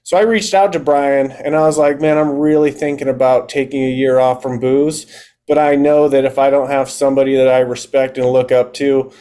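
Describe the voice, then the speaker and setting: A man's voice: mid-range voice, flat delivery, brisk, mellow, clean tone. A man in his thirties, a podcast guest and fitness coach, telling his story in a candid, casual way and acting out his own past thoughts.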